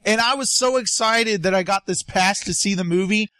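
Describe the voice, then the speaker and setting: A man hosting a casual talk show, taking calls and rambling excitedly through stories. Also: high-pitched, normal speed, no room sound, clean studio sound. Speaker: show host. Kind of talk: casual podcast chat.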